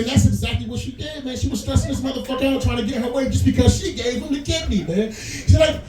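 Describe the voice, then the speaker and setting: A man with a New York accent doing a stand-up set, loose and crude, often jumping into high put-on voices. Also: quick pace, few pauses, darkish tone, reverberant, far from the mic, soft background music, poor audio. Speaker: stand-up comedian headlining a bar. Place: small bar comedy stage.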